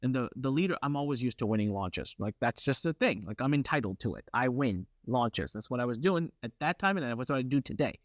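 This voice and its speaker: A middle-aged man hosting a workshop, telling a brash, competitive story with lively asides. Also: mid-range voice, brisk, few pauses, no room sound, clean studio sound. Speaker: workshop host.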